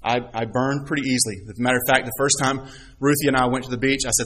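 A man's voice: medium pitch, fairly even intonation, racing, fairly bright tone, low-quality recording. A middle-aged man, a pastor, preaching a sermon with stories, scripture readings and rhetorical questions.

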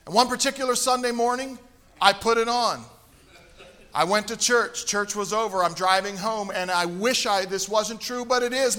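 A middle-aged man from Tennessee preaching a sermon, telling a funny personal story and swinging from quiet asides to loud, emphatic bursts. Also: high-pitched, normal speed.

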